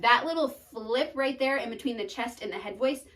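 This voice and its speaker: A woman's voice: fairly high pitch, moderate pace, a bit bright, far from the mic, low-quality recording. A young woman teaching singing terms in a chatty, upbeat way, breaking into short sung notes as examples.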